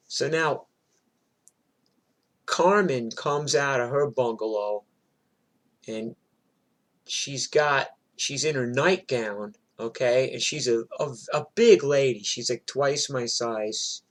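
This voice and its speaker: Chatty new storyteller man. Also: medium pitch. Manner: animated, chatty, digressive. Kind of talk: casual storytelling monologue.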